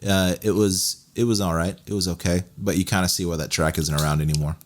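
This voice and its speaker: Deep-voiced rambling podcast co-host. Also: male voice, fast talker. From Texas. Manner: animated, laughing, rambling with many fillers. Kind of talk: casual chat.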